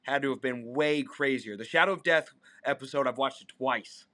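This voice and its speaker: A man's voice: mid-range voice, moderate pace, bright, forceful tone. A man hosting a podcast, chatting casually and reacting to his guest. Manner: brief affirming interjections. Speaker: podcast host. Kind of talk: casual chat.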